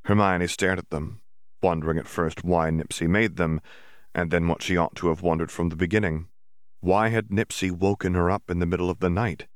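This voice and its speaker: Male audiobook narrator; low, gravelly, steady and measured; dry booth sound. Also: no echo. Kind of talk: scripted narration.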